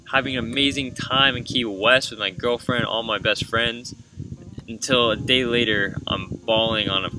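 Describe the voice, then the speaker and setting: A man's voice: fairly low pitch, noisy background. A young man in his twenties from Florida, casually telling a painful personal story with lots of fillers. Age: 20s. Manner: casual, filler-heavy, emotional. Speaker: vlogger. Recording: from a distance with soft guitar music.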